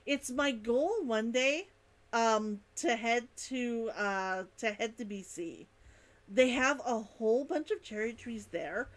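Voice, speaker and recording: A woman's voice: a little high, takes it slowly. A woman from Canada, chatting enthusiastically while streaming a game, often laughing and repeating herself. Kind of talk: casual gameplay chat.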